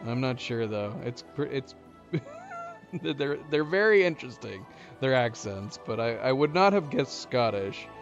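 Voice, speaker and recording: Slow, musing male streamer. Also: medium pitch, lively intonation, lo-fi sound, faint music behind. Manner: musing, rambling aloud with chuckles. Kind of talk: casual gameplay commentary.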